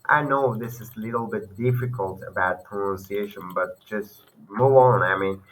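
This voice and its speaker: A man's voice: fairly low pitch, moderate pace, fairly bright tone, a little hiss or hum, low-quality recording. Hesitant man. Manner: hesitant, many fillers and self-corrections. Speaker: language learner teaching online. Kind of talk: casual screen-share lesson.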